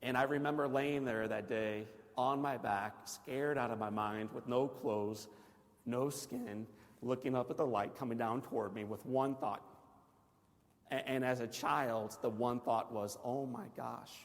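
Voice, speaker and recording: A man from Missouri giving a personal testimony as a Christian guest speaker, telling his story dramatically, swinging from loud excited bursts to hushed near-whispers and asking the audience questions. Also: medium pitch, measured pace. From Missouri, USA. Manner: asks the audience direct questions. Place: large banquet hall. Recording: long hall reverb from a large room.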